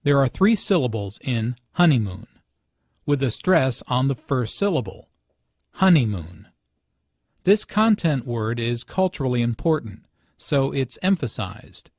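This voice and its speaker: A man narrating English lesson notes in a measured, explanatory way. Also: medium pitch, big pitch swings, darkish tone, dry recording, studio quality.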